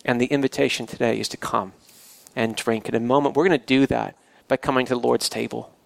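A man's voice: mid-range voice, fairly even intonation, a little fast, creaky, no room sound. A male pastor who grew up in the country, preaching in a church in a conversational way with restarts and asides. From rural area. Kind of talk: sermon.

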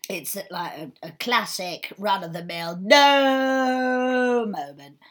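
A woman's voice: medium pitch, animated, slow, fairly bright tone. A woman in casual film chat, playful and chatty, acting out bits of the scenes. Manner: chatty, playful, acts out characters.

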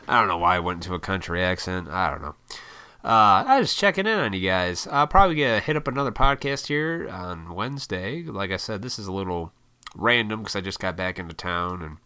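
A man hosting his own podcast, rambling easily from one thought to the next and swearing freely. His voice sits fairly low but has a bright, forceful edge. The delivery is relaxed and conversational, like an unscripted solo chat. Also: fairly quick, clear, resonant tone. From Illinois. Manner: laid-back, rambling, heavy swearing. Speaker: podcast host. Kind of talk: casual solo podcast monologue.

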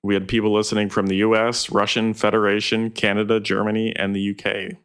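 A man with a low, deep voice reading through gaming news on a podcast. He sounds plain and matter-of-fact and drifts along with fillers between his points. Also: little pitch movement, brisk, a bit bright, smooth. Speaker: podcast co-host. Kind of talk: casual gaming podcast chat.

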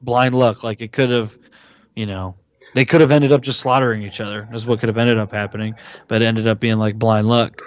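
A man's voice: on the low side, fairly even intonation, brisk, lo-fi sound. A man co-hosting a podcast, casually recapping a horror movie, rambling with lots of fillers and swearing, often acting out lines from the film. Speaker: podcast co-host.

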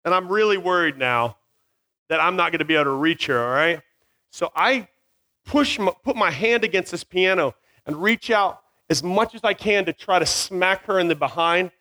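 A man telling a funny story to an audience, animated and self-mocking, acting out sounds, with a small mic near his beard. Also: sits high, normal speed.

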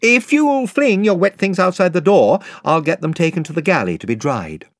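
A man voicing a courteous, brisk young king in an audiobook, speaking in a friendly, eager way. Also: high-pitched, very animated, no echo, clean studio sound, pitched above the performer's own voice. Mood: hospitable. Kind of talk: audiobook character voice.

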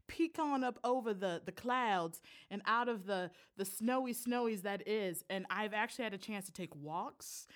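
A woman hosting a casual podcast, bubbly and giggly, hyping up her guest with animated enthusiasm. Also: medium pitch. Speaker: podcast host. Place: Chicago.

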